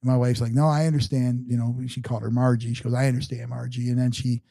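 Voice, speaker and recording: Middle-aged man telling his story haltingly. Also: medium pitch, flat delivery, vocal fry, mellow, dry recording, clean studio sound. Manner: halting, many restarts and fillers. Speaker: interview guest. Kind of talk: casual personal storytelling.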